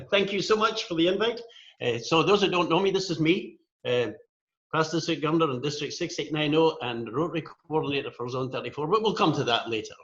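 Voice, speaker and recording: A man's voice: a little high, brisk, a bit bright. An older man with a Scottish accent, giving a joking, self-deprecating talk as guest speaker over a video call. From Scotland. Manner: jokey, self-deprecating storyteller. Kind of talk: virtual club presentation. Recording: dull lo-fi video call audio.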